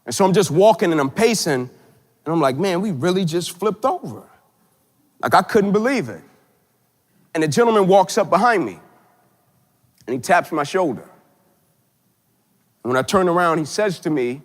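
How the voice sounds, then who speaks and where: A man, a motivational keynote speaker, tells a dramatic story, swinging from loud emphatic peaks to hushed low tones. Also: lively intonation, moderate pace, long pauses, long reverb tail.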